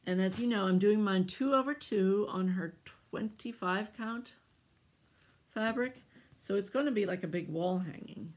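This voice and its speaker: A middle-aged American woman chatting casually to camera about her stitching, husky and congested from allergies, laughing often between asides. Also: medium pitch, unhurried. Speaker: cross-stitch vlogger. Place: at home, indoors.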